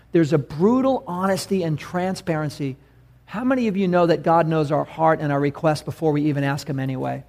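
A man preaching a sermon with a slightly high voice. He talks casually but with emphasis and often turns to his listeners with questions. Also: darkish tone. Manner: conversational and emphatic, asks the congregation questions.

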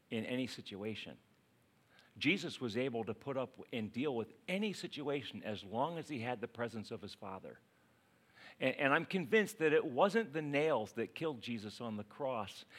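A male pastor preaching a sermon, swinging between loud urging and quiet asides. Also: mid-range voice.

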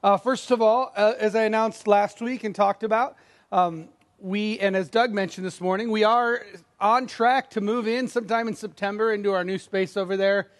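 A middle-aged man delivers a sermon from the pulpit. His voice sits high, and his tone stays casual and self-deprecating. He often slips into acted-out quotes. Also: fairly even intonation, moderate pace. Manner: conversational, self-deprecating, acts out quoted lines. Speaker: pastor.

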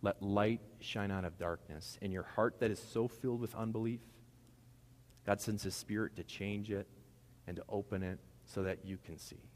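A man preaching a sermon in a conversational, animated way, with casual asides to the congregation. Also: fairly low pitch, normal speed. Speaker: pastor. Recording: long hall reverb.

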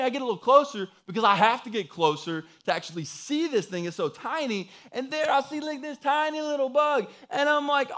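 A man's voice: very high-pitched, lively intonation, a little fast, hardly any pauses, a bit bright. A young man preaching a casual, humorous sermon, chatty and joking, full of fillers like "like" and "you know".

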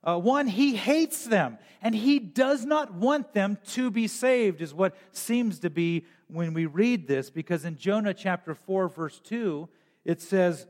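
A man preaching a sermon as pastor, with emphatic rises and frequent throat clearing. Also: sits high, lively intonation, slow pace, darkish tone, long reverb tail.

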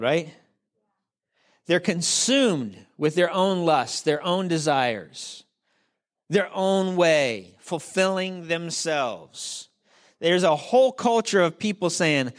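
Pastor guy preaching, chatty and self-deprecating, asks the crowd questions, slightly high voice. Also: fairly bright tone. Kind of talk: sermon.

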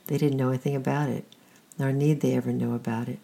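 A storyteller reading the lines of a kind grown man who speaks gently and reassuringly, in a creaky, husky voice. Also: mid-range voice, flat delivery, fast talker.

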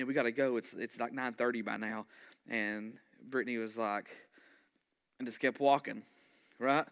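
A man, a pastor telling a story in a sermon, animated and conversational, full of asides. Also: mid-range voice, clear, resonant tone.

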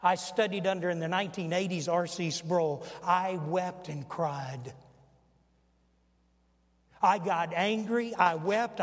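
A male pastor in his sixties preaches a sermon forcefully in a high, ringing voice. He raises his pitch for quotations and drops low and quiet for asides, his words fading into the long reverb of a large sanctuary.

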